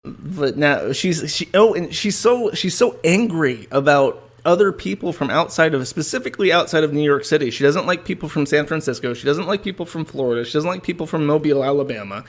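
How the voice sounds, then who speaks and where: A man's voice: a little high, lively intonation, brisk, few pauses. A man hosting a stream, talking in a casual, sardonic, profane way as he comments on a clip. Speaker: streamer host.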